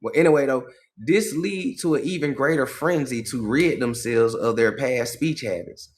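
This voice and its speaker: A man holds forth on a casual livestream in a middle-pitched voice. He talks in an animated, profane way and keeps checking in with his listeners by asking "right?" as he goes. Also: moderate pace. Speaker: livestream host.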